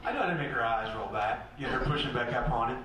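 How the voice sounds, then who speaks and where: A man's voice: medium pitch, fast. A man doing a brash, punchy stand-up set and acting out the characters in his stories. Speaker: stand-up comedian. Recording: echoey club recording from a distance, loud noise.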